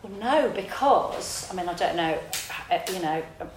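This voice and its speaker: A woman, a theatre director telling her story in a relaxed, reflective interview. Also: lowish voice, moderate pace, noisy background. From south London, England. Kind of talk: casual interview conversation. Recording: roomy echo.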